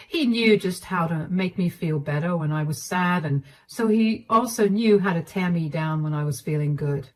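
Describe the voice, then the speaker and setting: A woman narrating her own story in the first person, subdued, measured and resigned. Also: lowish voice.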